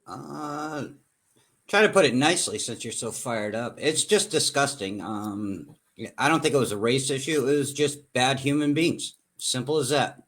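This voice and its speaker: A man, the show's producer, chatting calmly and plainly with the host. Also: mid-range voice, measured pace. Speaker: show producer. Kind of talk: casual talk show chat.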